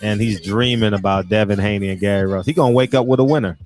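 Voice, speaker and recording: A man's voice: on the low side, fast, a little mellow, soft background music. A man hosting a casual livestream, chatting animatedly, laughing often and reading out viewer comments. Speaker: livestream host.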